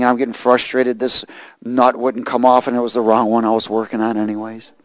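A man preaching a sermon, reading scripture and telling a lively personal story. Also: medium pitch, no echo, low-quality recording. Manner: animated storytelling, rising to shouts and laughter.

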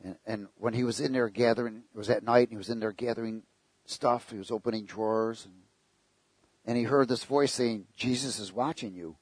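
A man's voice: mid-range voice, steady tone, a little fast, darkish tone, dry recording. A man preaching a sermon, telling stories with jokes and asking the congregation rhetorical questions.

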